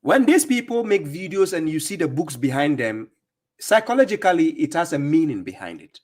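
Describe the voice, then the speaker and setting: Scornful, lecturing man, fairly high. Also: sing-song, normal speed, a little mellow. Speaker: livestream host reacting to clips. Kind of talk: mocking religious commentary.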